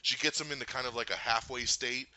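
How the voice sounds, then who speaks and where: Casual podcast host: animated man, very bright and forceful voice, breaks into silly character voices mid-story. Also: medium pitch, fast, no room sound. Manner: excitable, acts out quotes in funny voices, swears. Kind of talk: casual movie review chat.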